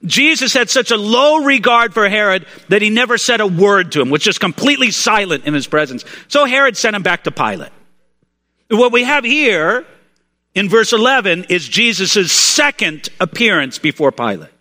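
A man preaching in a church, his voice high and bright as he tells the story in a chatty, unscripted way, often stumbling into restarts. A long reverb rings out after his words, as in a large sanctuary. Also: very animated, normal speed. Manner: conversational storytelling, frequent restarts. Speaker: pastor. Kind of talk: sermon.

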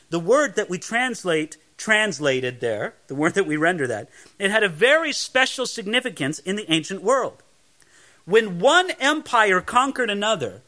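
A man's voice: high voice, pushed and bright. A man preaching a verse-by-verse Bible sermon, emphatic, repeating phrases and asking the listeners questions.

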